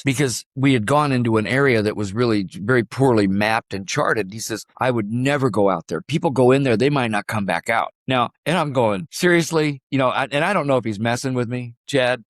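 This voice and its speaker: An older man from Illinois tells a story as a podcast guest, taking his time and voicing the other people in it. His voice sits at a medium pitch. The sound is close and dry, with no room echo. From Illinois, USA. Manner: vivid, unhurried storyteller who acts out quoted dialogue. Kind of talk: storytelling in a conversation.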